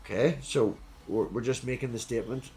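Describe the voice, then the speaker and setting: A man with an Irish accent hosting a casual debate chat. He rambles, goes off on tangents and swears freely, and at times slows down to read scripture aloud. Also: medium pitch, darkish tone, a little hiss or hum. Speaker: host.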